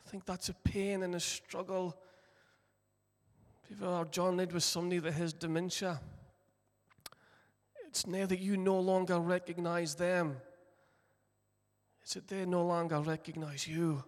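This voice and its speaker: A man preaching a sermon, retelling a story and acting out its voices, moving between loud, passionate lines and hushed ones. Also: sits high, little pitch movement, a little slow, pauses often. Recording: long hall reverb.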